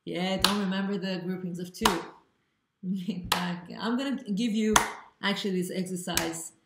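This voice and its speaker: A woman teaching an online rhythm lesson, chanting rhythm syllables and explaining in a relaxed, halting way. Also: on the low side. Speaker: vocal workshop teacher. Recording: echoey room with loud background noise.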